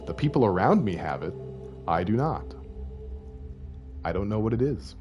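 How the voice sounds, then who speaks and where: A man's voice: on the low side, big pitch swings, moderate pace, over music. A Canadian man in his late thirties with a Canadian accent, casually joking with viewers while streaming a video game. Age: late 30s. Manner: joking, self-deprecating, chatting with viewers.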